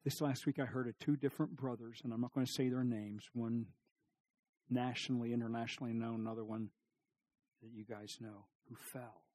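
A middle-aged man preaching a sermon, telling stories with lively emphasis, asking the congregation questions, and dropping to a near-whisper for serious points. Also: medium pitch, brisk, no echo. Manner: animated storytelling, rising emphasis and sudden drops to near-whisper. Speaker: pastor.

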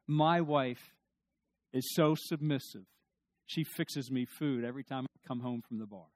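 A man's voice: medium pitch, a little slow, no echo, lightly acted. A man voicing a boastful drunk man bragging to his friends in a tavern, in an emphatic way.

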